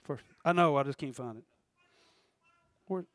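A man preaching a sermon in church, swinging from shouted passion to quiet, conversational asides and laughter. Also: fairly high pitch, unhurried, no room sound. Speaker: pastor. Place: church service.

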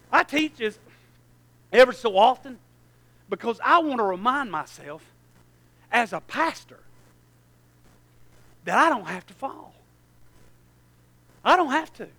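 A man pastor preaching a sermon in a church, swinging from hushed asides to near shouting and calling out to the congregation. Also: extremely high pitch, lively intonation, normal speed, creaky, long pauses.

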